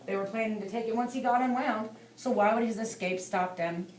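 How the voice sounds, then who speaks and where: A woman reading an audiobook as narrator, in a steady, lightly dramatic way. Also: on the high side, fairly quick. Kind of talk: scripted narration. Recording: echoey room, distant mic, faint hiss.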